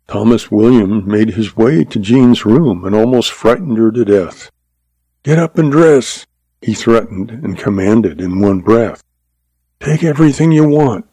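Deep-ish gravelly guy reading a western story, dry close mic. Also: mellow, no room sound, low-quality recording. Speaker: audiobook narrator. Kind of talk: scripted narration.

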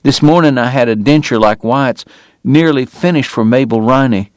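A man's voice: medium pitch, normal speed, dry recording, studio quality, voice pushed up, close to an everyday voice. A man voicing a bitter, ailing frontier dentist who speaks in a formal, biting and strained way. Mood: despairing. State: sick, coughing.

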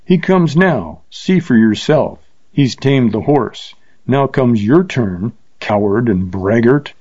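A man's voice: mid-range voice, expressive, takes it slowly, a little mellow, slightly rough. A man voicing a boastful Wild West gunfighter who blurts out his lines in a raised voice. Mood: scornful. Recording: slightly dull lo-fi recording.

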